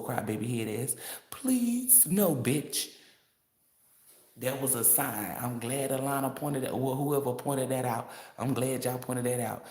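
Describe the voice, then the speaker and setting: A man's voice: medium pitch, a little mellow. A man who reads tarot, ranting in a casual livestream in a brash, profane way and laughing often. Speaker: tarot reader. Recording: roomy echo.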